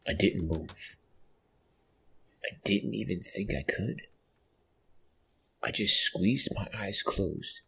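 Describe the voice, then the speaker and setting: A man narrating a horror story in a slow, hushed, dramatic way. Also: sits low, gravelly, slightly rough. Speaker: podcast narrator.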